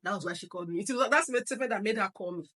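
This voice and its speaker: A woman's voice: mid-range voice, very fast, pushed and bright. A middle-aged woman teaches a live online parenting class. She tells stories and repeats her key phrases for emphasis. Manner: acts out parents and children in quoted voices. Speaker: parenting coach and therapist.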